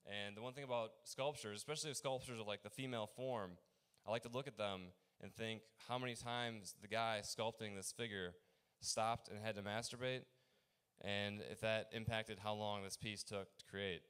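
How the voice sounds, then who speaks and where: A young man performing a rambling open mic stand-up set, halting often with fillers and restarts. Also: fairly low pitch, steady tone, fairly bright tone, clear, resonant tone.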